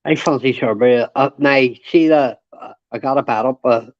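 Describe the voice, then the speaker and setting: A man's voice: mid-range voice, moderate pace, a little mellow, no echo. A man joining a live panel to chat about football, rambling and repeating himself. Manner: rambling, repeats himself, retells what others said. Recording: dry, dull lo-fi call audio.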